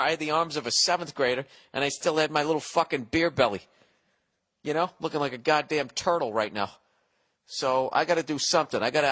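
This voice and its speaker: A man in his forties hosting a solo podcast, rambling profanely. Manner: profane, rambling, animated swings in pitch and volume. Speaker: podcast host. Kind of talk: casual solo podcast rant.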